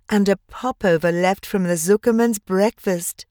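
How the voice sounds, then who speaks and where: A woman narrating a children's storybook in a measured, gentle, expressive way. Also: medium pitch, no room sound, studio quality. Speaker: audiobook narrator.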